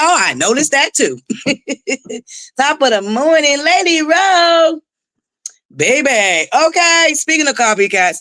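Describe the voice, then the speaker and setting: Woman streamer with a dry, close sound and a swooping, animated delivery; chatty and profane. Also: on the high side, no echo. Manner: greets chatters by name, laughs often, swears freely. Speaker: livestream host. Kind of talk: casual livestream chat.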